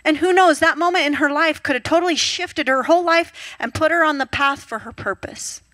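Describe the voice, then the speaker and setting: A woman pastor preaching a sermon, telling stories with lively acted-out quotes. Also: high voice, brisk, dry recording. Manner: lively storytelling, acts out voices and quotes. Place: church.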